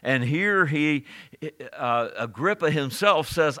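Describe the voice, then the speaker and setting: A male pastor delivers a sermon in a bright, forceful voice. He preaches emphatically and keeps asking his listeners rhetorical questions. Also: fairly high pitch, expressive, measured pace.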